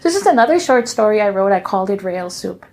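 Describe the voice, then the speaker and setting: A woman telling her family's stories in a gentle, unhurried way, with soft pauses. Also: mid-range voice, sing-song. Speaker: storyteller.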